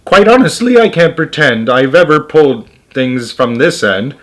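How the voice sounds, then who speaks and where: A man voicing a gleeful male dentist in a read-aloud storybook, exclaiming brightly. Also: on the high side, lively intonation, moderate pace.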